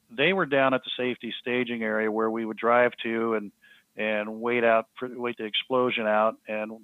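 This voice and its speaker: A man, a podcast guest, telling a story in a halting, earnest way with many restarts. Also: medium pitch, no echo. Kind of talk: storytelling in an interview. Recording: thin phone-like line, dry.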